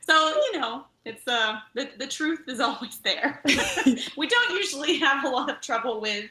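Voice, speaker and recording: A woman, a camp travel director and nurse, telling lively stories in a podcast interview and acting out voices. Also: sits high, a little slow, reverberant, a little hiss or hum. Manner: animated storyteller, acts out voices.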